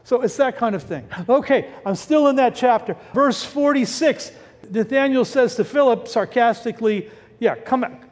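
A man preaching a sermon in a church, animated, firing rhetorical questions and breaking off mid-word. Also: very high voice, moderate pace. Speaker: pastor. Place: church sanctuary. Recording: reverberant hall.

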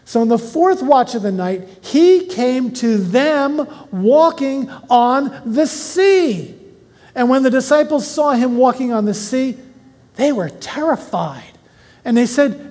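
Bible teacher reading verses aloud; measured reading, casual asides, questions to the class, long hall reverb. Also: mid-range voice, big pitch swings, mellow. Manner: reads verses slowly, then explains in a chatty way with questions to listeners.

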